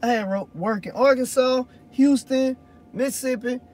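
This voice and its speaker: A man's voice: very high voice, moderate pace, darkish tone. A man, a hotshot truck driver chatting loosely to viewers in a rambling, swearing way. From Louisiana. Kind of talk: casual vlog chat answering viewers.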